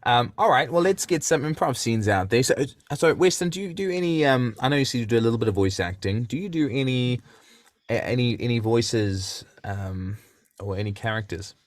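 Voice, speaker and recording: A man hosting a casual podcast chat, relaxed and hesitant, with many fillers and restarts. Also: medium pitch, a little fast, no echo, clean studio sound. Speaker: podcast host.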